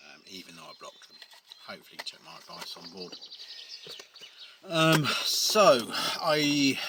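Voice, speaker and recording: A tradesman with a fairly low voice tells a story in a rambling, chatty way, full of ums and wry asides. He talks outdoors, with loud background noise and birds chirping behind him. It sounds like a casual vlog. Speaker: painter and decorator.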